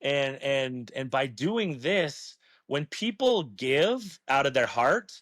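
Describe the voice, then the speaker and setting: A man's voice: medium pitch, lively intonation, takes it slowly, a bit bright, dry recording. A man talking as an interview guest, earnest and emphatic, swearing freely as he makes his case. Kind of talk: passionate casual talk.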